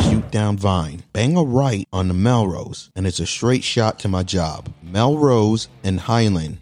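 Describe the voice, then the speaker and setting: Low-voiced man ranting a comic story. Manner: animated, exasperated rants with mock dialogue. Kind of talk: comedic storytelling monologue. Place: bedroom.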